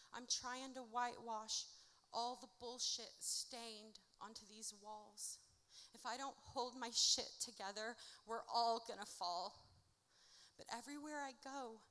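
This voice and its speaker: A woman performing her own spoken-word poetry at a live event, with a rhythmic, dramatic delivery that swings from hushed to loud. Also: fairly high pitch. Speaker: author reading her own work. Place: indoor music venue at a live event. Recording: reverberant live venue recording.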